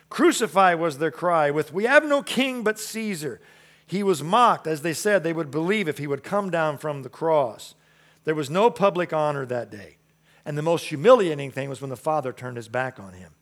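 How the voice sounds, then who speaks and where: A man preaching a sermon in an emphatic, repetitive way, moving between loud declarations and soft, quiet lines. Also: fairly high pitch. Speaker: pastor.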